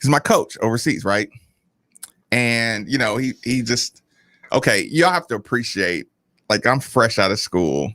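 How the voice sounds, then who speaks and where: A man co-hosting a sports radio show, telling stories in a casual, animated way and acting out quotes. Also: medium pitch, measured pace, no echo, clean studio sound. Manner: animated, laughing storyteller who acts out quotes. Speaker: radio co-host, former basketball player.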